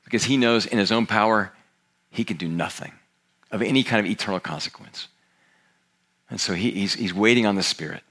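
A man's voice: lowish voice, brisk, long pauses. A middle-aged man preaching a sermon as a pastor, telling a story and acting out the voices of the people in it. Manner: storytelling, animated, acts out quoted characters. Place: church auditorium.

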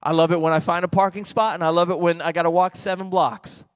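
A middle-aged pastor preaching with lots of energy, his voice on the high side for a man. He drops low and quiet to draw the room in, then builds to loud, excited peaks. The sound is close and dry, with little room echo. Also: fast. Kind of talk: sermon.

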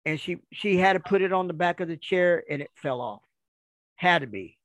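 A man telling a rambling, animated story in casual conversation, acting out the dialogue as he goes. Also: high-pitched, normal speed, no echo. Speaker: guest storyteller.

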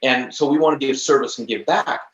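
A man's voice: medium pitch, a little fast. A man in his fifties, a professional trainer on a podcast, telling an emphatic story and acting out the dialogue. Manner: animated, emphatic storyteller who acts out dialogue. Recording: roomy, slightly dull recording.

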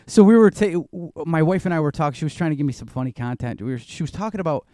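A man's voice: fairly high pitch, expressive, quick pace, dark tone, no room sound, clean studio sound. A man telling loose, rambling stories in casual chat, swearing now and then.

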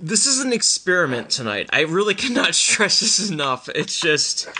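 A man with a Midwestern American accent hosts a live-streamed chat in a bright, forceful voice that sits a little high. He talks animatedly, stumbling into restarts and breaking into laughter. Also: very animated, moderate pace, breathy edge. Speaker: podcast host.

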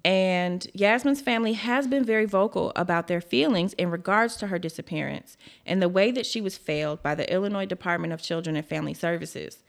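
Blunt, low-voiced woman telling a case. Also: fairly quick, gravelly, few pauses. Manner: blunt, swears, frank asides. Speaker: podcast host presenting a true crime case. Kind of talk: casual true crime podcast chat.

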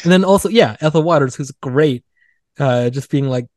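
A man's voice: a little high, normal speed, darkish tone, a little hiss or hum. A man hosting a casual film podcast, chatty and wry, full of "like"s and mocking quoted line readings. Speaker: podcast host.

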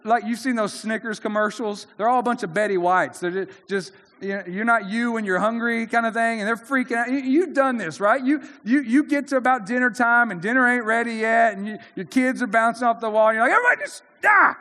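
A man's voice: extremely high pitch, fairly quick, hardly any pauses, sharp tone, big-room sound. A man preaching a sermon in an earnest, conversational way, often restarting his sentences. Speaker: pastor.

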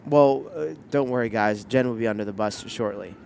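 A man's voice: on the low side, normal speed, creaky, darkish tone, a little hiss or hum. A man co-hosting a casual podcast from a car, teasing his partner and acting out what people said. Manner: playful, teasing, acts out quotes. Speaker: podcast co-host. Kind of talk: casual chat. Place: in a parked car.

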